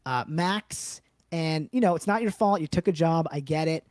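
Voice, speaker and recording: A young man from the United States co-hosting a casual comedy podcast, rambling and joking with quick asides. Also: a little high, no room sound, studio quality. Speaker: podcast co-host.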